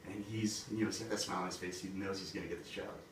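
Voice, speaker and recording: A man retells a fairy tale in loose, chatty speech, leaning on "like" and "he's like". His low voice is picked up from a distance in a roomy space, with steady background noise. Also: rapid-fire. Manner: casual, full of "like" and "he's like". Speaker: storyteller.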